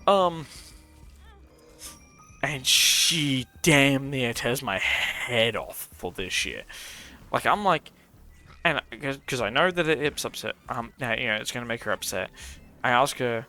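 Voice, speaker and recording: A man's voice: on the high side, lively intonation, measured pace, bright, forceful tone. Rambling, profane young man. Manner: rambling and profane, many fillers. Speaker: streamer. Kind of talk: casual storytelling while gaming. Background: faint music.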